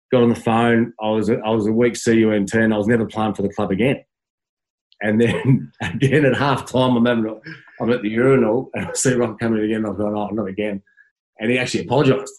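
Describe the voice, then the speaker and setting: A man's voice: lowish voice, fairly even intonation, brisk, poor audio. An Australian man, a former footballer, telling stories in a casual interview, stumbling over restarts and laughing as he goes.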